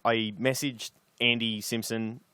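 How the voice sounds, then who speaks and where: A man's voice: medium pitch, little pitch movement, slow, loud music behind the voice. A young man with an Australian accent, a musician guest chatting casually in a rambling, sweary, opinionated way. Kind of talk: casual chat.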